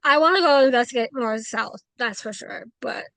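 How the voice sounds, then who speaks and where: Brief: woman guest, fairly high voice, chatty storyteller who acts out every quote, dry close sound. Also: normal speed, gravelly, dry recording. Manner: animated, acts out quoted dialogue, frequent "like". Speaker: paranormal investigator, guest. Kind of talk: casual interview storytelling.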